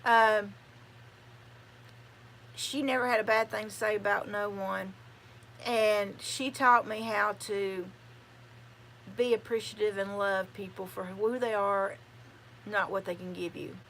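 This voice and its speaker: A woman's voice: mid-range voice, fairly even intonation, takes it slowly, long pauses, a bit bright, slight background noise. An older woman, chatting casually on a livestream in a rambling, folksy way. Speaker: channel host.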